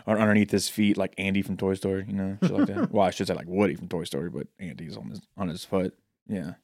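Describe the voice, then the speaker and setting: A man's voice: sits low, fairly even intonation, fast talker, creaky, a little mellow, dry recording, studio quality. A man co-hosting a podcast in casual chat, joking and swearing freely through playful banter. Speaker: podcast co-host.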